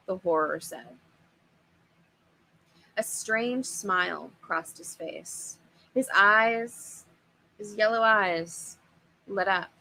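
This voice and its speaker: A woman reading a children's horror book aloud in an expressive, animated way. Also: medium pitch, slow, pauses often, slight background noise, poor audio. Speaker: storyteller.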